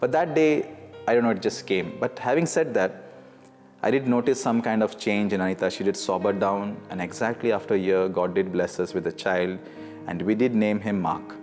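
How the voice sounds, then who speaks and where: A man tells his personal faith testimony in a fairly low voice, earnest and often restarting his sentences. His voice rings with a long reverb, as if in a large hall, and faint guitar plays underneath. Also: darkish tone. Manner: earnest storytelling with halting restarts. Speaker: testimony speaker.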